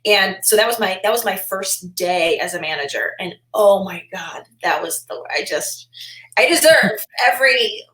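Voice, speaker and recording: A woman chatting as a podcast guest, rambling with lots of "like" fillers and animated quoting. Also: mid-range voice, moderate pace. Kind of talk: casual interview chat. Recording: roomy echo.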